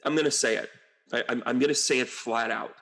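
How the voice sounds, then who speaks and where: A man's voice: medium pitch, steady tone, a little fast, gravelly, a bit bright. Chatty rambling American male medium. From United States. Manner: rambling, chatty, with frequent fillers and asides. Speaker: medium and astrologer. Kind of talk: casual to-camera monologue.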